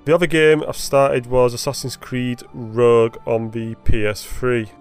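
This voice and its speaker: A man's voice: medium pitch, little pitch movement, unhurried, smooth, faint music behind. A man chatting casually about video games, rambling and correcting himself as he goes. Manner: rambling, self-correcting, laughs often.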